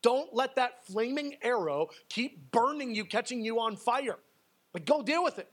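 A man preaching a sermon, swinging between loud emphasis and hushed asides, and acting out the people he quotes. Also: very high voice, lively intonation, moderate pace. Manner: acts out quoted speakers in a raised voice. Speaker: pastor.

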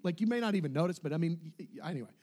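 High-voiced, lively preaching man. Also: racing. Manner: animated, laughing storyteller who acts out quoted voices. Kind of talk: sermon storytelling.

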